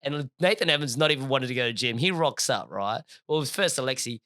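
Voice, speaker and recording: Animated young man telling a story. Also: medium pitch, fast, no room sound, clean studio sound. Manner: animated, laughing storyteller, slangy. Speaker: podcast co-host. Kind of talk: casual storytelling chat.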